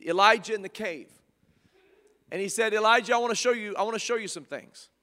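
A male preacher delivering a sermon, swinging between loud fervor and hushed softness and repeating phrases. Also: sits high. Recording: long hall reverb.

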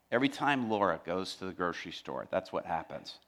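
A man preaching a sermon, telling its story with animated humor. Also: low-pitched, fairly quick, few pauses.

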